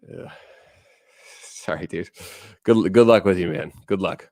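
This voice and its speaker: A man's voice: low voice, a little slow, long pauses, darkish tone, dry recording, studio quality. A man hosting a casual livestream, chatting bluntly and profanely, reading viewer comments aloud and rambling between topics. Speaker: livestream host.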